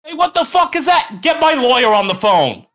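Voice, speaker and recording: A man putting on an obnoxious, shouting Hollywood star who swears and barks orders. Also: extremely high pitch, very animated, moderate pace, pitched above the performer's own voice, exaggerated voice. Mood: angry. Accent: British. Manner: yelling, swearing, demanding.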